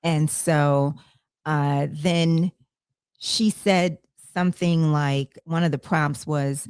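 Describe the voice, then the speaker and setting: A low-pitched woman hosting a podcast, chatting over a video call. She rambles, circling back with fillers and restarts. The sound is dry and close. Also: fairly even intonation, slow, darkish tone, smooth, no room sound. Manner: rambling, with many fillers and self-corrections. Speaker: podcast host. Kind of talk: casual conversation.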